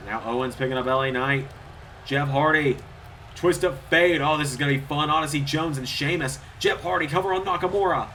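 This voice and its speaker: Excitable bright-voiced male wrestling commentator. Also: fairly quick, vocal fry, slight background noise. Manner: excitable, rises in pitch and volume at big moves. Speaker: play-by-play commentator. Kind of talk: solo video game wrestling commentary.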